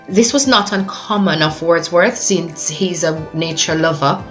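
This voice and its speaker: A woman giving a poetry analysis lesson, explaining in a measured way with occasional hesitations. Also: low voice, dull audio. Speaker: teacher.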